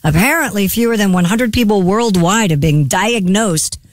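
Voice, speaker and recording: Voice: medium pitch, normal speed, dry recording. A radio show regular reading quirky headlines in a close, dry studio sound, breaking off to chat between items. The delivery moves easily from reading aloud to loose banter. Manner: reads headlines then chats. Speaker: news segment reader on a show.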